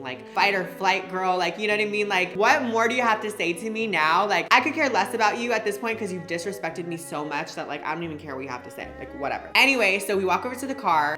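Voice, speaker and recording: A woman in her twenties telling a casual storytime, chatty and animated, full of slang and "like.". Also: fairly low pitch. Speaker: beauty vlogger.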